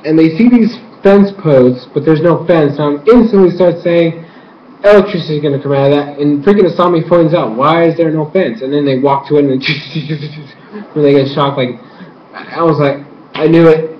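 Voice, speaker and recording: A young man giving an excited, rambling casual review, acting out characters' lines as he retells the story. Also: on the high side, normal speed, a little hiss or hum. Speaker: YouTube reviewer. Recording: echoey room, dull lo-fi mic.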